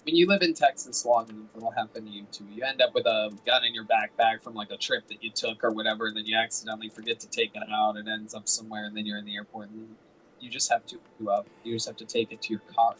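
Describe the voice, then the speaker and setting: A man's voice: fairly low pitch, flat delivery, fast, a bit bright, slight background noise, poor audio. A man hosting a live comedy show, trading loose, joking banter with a guest comedian.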